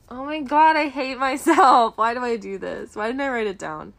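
Podcast co-host: young woman, bubbly, gasps a lot, high voice that swings around. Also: lively intonation, brisk, fairly bright tone. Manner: bubbly, gasping, laughing often; doing high squeaky voices when quoting. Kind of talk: casual chat.

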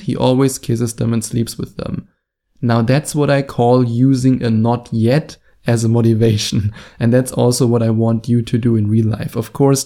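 A man who coaches on dating and talks straight to camera, speaking slowly and deliberately with long pauses for effect. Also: medium pitch, mellow. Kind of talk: advice talk to camera.

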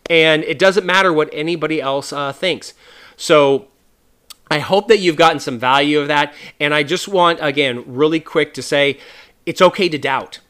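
A man hosts a faith podcast in a loose, earnest monologue. He talks at a slightly higher pitch with a bright, forceful edge, and often stops to restart a thought or add a filler. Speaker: podcast host.

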